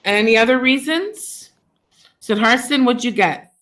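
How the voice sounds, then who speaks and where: A woman's voice: on the high side, animated, measured pace, a bit bright. A woman teacher leading a class discussion on poetry, asking questions, praising answers and repeating them back to the students.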